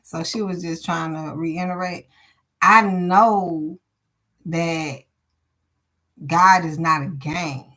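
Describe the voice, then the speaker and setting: Blunt, profane woman reading tarot live. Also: fairly low pitch. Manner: blunt, profane, animated, chatty with viewers. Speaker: tarot reader. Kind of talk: live-streamed tarot reading, casual talk to chat.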